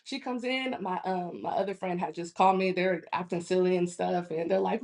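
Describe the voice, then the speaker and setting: A woman in her thirties retells a frustrating day with lots of energy, slipping into other people's voices as she quotes them. Her pitch jumps high on those quotes and drops back to a plain, mid-range speaking voice. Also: steady tone, a little fast, creaky, few pauses, darkish tone. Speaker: guest in a conversation. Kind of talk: casual storytelling.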